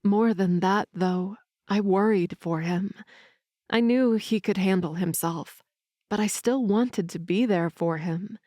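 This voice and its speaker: A woman narrating an audiobook in the first person with calm, even storytelling. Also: mid-range voice, takes it slowly, dry recording, studio quality.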